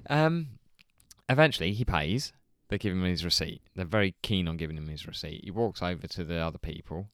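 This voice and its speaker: A man telling a story in casual chat, animated, swearing and laughing often. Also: low voice, a little fast, no echo, studio quality. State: hungover. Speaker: podcast co-host telling a story.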